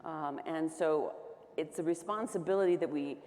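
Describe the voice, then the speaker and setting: A woman's voice: deep voice, moderate pace, darkish tone. A woman governor speaking on a panel, telling stories in a chatty way with many fillers. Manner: chatty, storytelling with frequent fillers. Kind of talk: panel discussion. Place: conference stage. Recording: hall reverb.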